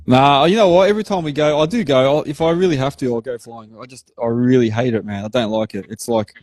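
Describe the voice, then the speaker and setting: An Australian man hosting a casual chat, telling an animated story and swearing casually. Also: mid-range voice, fast, dry recording, studio quality. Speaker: podcast host.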